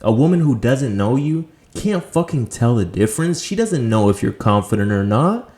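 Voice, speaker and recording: A man's voice: mid-range voice, sing-song, moderate pace, darkish tone. A man coaching viewers on dating in a blunt, profane motivational monologue, firing off rhetorical questions and punchy emphatic lines.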